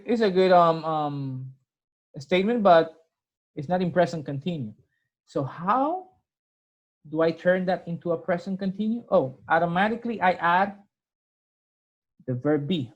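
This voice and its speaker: Casting: unhurried teacher talking through a grammar lesson, patient, repeats things, always checking the class follows. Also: medium pitch. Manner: patient, repeats points, checks in with "right?" and "okay?". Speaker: English teacher.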